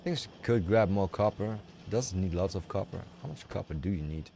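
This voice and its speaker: A man's voice: deep voice, animated, normal speed, gravelly, slight background noise. A man streaming a game, chatting casually and rambling with strong opinions. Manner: rambling, opinionated, restarts often. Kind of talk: casual livestream chat while playing. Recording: music playing loudly behind.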